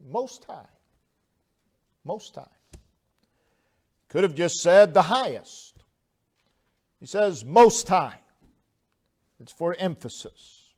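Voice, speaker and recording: Man, preacher, sermon, high-pitched voice, slow delivery, builds then falls quiet. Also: slightly rough. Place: church sanctuary.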